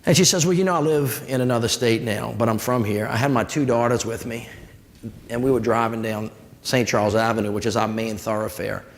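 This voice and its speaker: A man from New with a drawl, his voice gravelly and mid-pitched. He holds a live audience with folksy, animated stories and acts out the people in them. The sound carries a long hall echo. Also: fairly quick, slight background noise. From New Orleans. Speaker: former mayor giving a public talk. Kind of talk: storytelling talk to a live audience.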